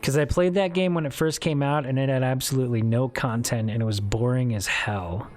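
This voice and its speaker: A man's voice: mid-range voice, steady tone, fairly quick, darkish tone. Rambling man chatting on a live stream. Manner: rambling, candid, swears casually. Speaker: streamer talking with chat. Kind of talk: casual live-stream chat.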